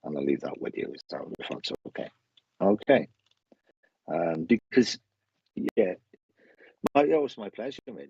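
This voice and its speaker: Husky low-voiced male medium. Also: darkish tone, no echo, muffled recording. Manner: chatty, laughing, stumbling restarts, relays spirit messages. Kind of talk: live mediumship reading.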